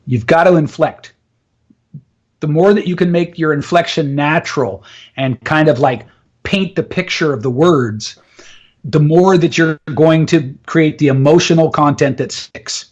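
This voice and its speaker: A man's voice: fairly high pitch, measured pace, dull audio. A man speaking as a public speaking coach in a casual live interview, emphatic and instructive. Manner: emphatic, explains with instructive asides.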